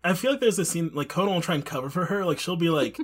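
Husky, lively podcast co-host. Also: medium pitch, fast. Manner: chatty, interjecting and laughing. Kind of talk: casual chat.

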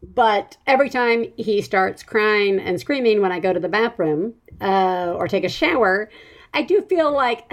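A woman's voice: mid-range voice, lively intonation, a little slow. A woman hosting a parenting podcast in casual chat, rambling and self-mocking and often laughing as she talks. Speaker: podcast host.

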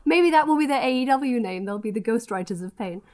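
A woman co-hosting a casual wrestling podcast in a slightly high voice. She rants, jokes sarcastically and laughs a lot. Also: animated, a little fast, a little mellow. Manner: sarcastic, ranting, laughs often. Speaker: podcast co-host.

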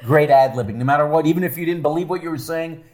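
Friendly man guest, slightly high voice. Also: fast talker, a little mellow. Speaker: reality TV guest. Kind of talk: casual chat.

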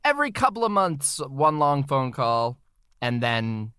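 A man who acts, chatting as a podcast guest, self-deprecating and halting with many restarts. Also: medium pitch, very animated, pushed and bright, smooth, dry recording, clean studio sound. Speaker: guest, actor. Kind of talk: casual chat.

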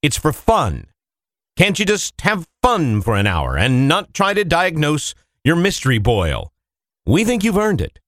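A man's voice: a little high, wildly swooping pitch, measured pace, fairly bright tone, no echo. A man reading a scripted, mock-reassuring podcast disclaimer in a dry manner. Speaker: disclaimer announcer. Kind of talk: scripted deadpan announcement.

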